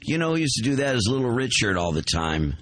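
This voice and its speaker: A man's voice: medium pitch, big pitch swings, fast talker, background noise. A man co-hosting a radio show, teasing a caller in playful banter. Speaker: radio co-host.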